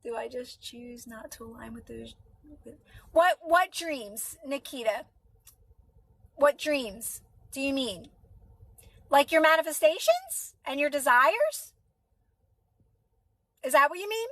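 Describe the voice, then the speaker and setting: A woman's voice: sits high, sing-song, slow, pauses often, fairly bright tone, dry recording. A woman with a Philadelphia accent, a mother and manifestation coach chatting on a livestream, reassuring viewers and answering their comments by name. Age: adult.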